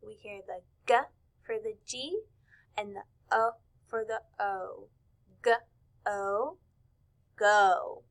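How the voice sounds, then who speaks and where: A woman teacher leading a recorded reading lesson, sounding out words slowly and clearly in an encouraging, upbeat tone. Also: fairly high pitch, rough recording.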